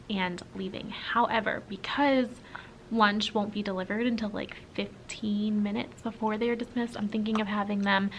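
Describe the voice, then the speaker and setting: Indoors at a school, a tired young adult woman teacher talks casually to her vlog camera, chatty and full of ums and likes. Her mid-range voice is a bit bright, and the rough recording carries a little hiss or hum.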